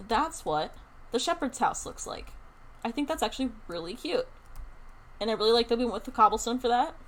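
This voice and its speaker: Chatty, excitable young woman streamer. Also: fairly high pitch, a little hiss or hum. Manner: chatty, excitable, thinks aloud. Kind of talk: casual live-stream chat while playing a building game.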